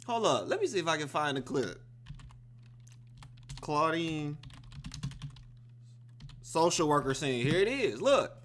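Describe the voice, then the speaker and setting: A man hosting a reaction video, telling the story of a film in a casual, excited, profane way. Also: on the high side, slow, long pauses, a little hiss or hum.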